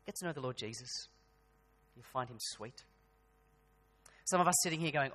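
A man's voice: mid-range voice, expressive, normal speed, pauses often, pushed and bright. Male pastor, casual preaching style with emphatic peaks, church-hall reverb. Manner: conversational preaching with rising emphatic bursts. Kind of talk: sermon.

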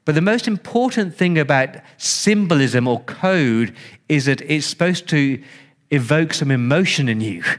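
The pastor's intonation is lively and his delivery a little slow. In a conversational sermon he repeats himself and mimics listeners' reactions, swinging his pitch widely.

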